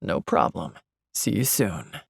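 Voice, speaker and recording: A woman reading an audiobook voices a relaxed, teasing young man with a deep, rumbly voice. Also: slow pace, vocal fry, husky, no room sound, clean studio sound, heavily acted. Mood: easygoing.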